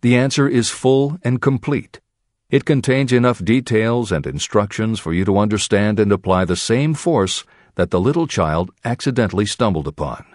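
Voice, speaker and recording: A man reading a self-help audiobook aloud in measured, expressive storytelling. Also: fairly low pitch, no echo, studio quality. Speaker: audiobook narrator. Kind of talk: scripted audiobook narration.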